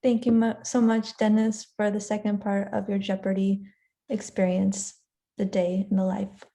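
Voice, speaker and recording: A woman hosts an online meeting in a polite, welcoming way, speaking over a video call. Her voice has a mellow, warm tone. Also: mid-range voice, level tone, normal speed, gravelly. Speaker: meeting host.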